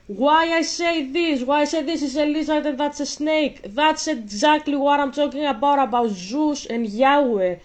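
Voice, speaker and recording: Woman, vlogger, slightly high voice, blunt, swearing freely, a bit breathless. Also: moderate pace, few pauses. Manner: blunt, profane, emphatic. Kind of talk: casual ranting commentary while gaming.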